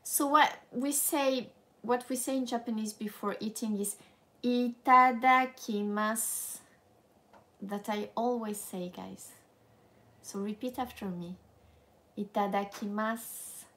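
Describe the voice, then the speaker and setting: A woman with a French accent teaching a live language lesson in a playful, animated way, laughing often and slipping into French. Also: medium pitch, measured pace.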